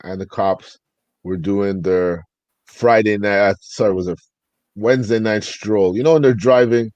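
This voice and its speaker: A man's voice: on the low side, unhurried, darkish tone, dry recording, lo-fi sound. A man co-hosting a podcast, telling stories in casual chat, swearing freely and acting out both sides. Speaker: podcast co-host.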